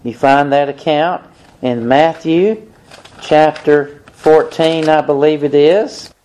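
Male preacher, slightly high voice, unhurried, reads scripture aloud between comments. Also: fairly even intonation, darkish tone. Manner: deliberate, reads aloud from the Bible. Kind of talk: sermon with scripture reading.

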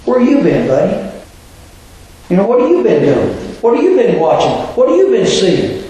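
A man's voice: high voice, slow, a little mellow. A preacher voicing a sarcastic male traveler who mocks a stranger for not knowing the news. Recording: very echoey room.

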